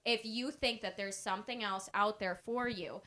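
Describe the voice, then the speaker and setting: A woman's voice: medium pitch, fairly even intonation, moderate pace, bright, forceful tone. A woman, the host's best friend, chatting casually and giving blunt, earnest advice. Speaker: podcast guest, best friend. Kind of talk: casual chat.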